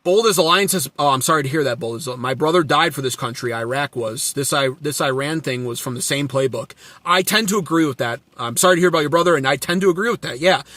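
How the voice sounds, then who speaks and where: Male channel host, sarcastic and crude, higher voice, dry close sound. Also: quick pace, a bit bright, no room sound. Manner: sarcastic, profane, blunt. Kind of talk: political commentary with chat replies.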